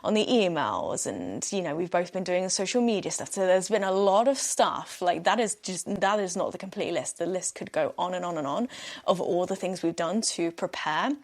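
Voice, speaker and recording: A woman's voice: on the low side, lively intonation, moderate pace. Giggly chatty woman podcaster. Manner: chatty and giggly, breaks into laughter. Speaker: podcast host. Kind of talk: casual solo podcast chat.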